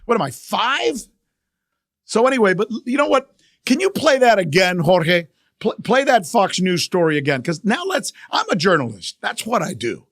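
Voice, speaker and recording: A middle-aged man hosting a news podcast, talking in a fairly high register with a gravelly, fry-laden edge. He argues his point with emphatic, animated repetition, like a seasoned journalist riffing off the cuff. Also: normal speed, dry recording, studio quality. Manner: animated, emphatic, repeats phrases for effect. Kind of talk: casual news commentary.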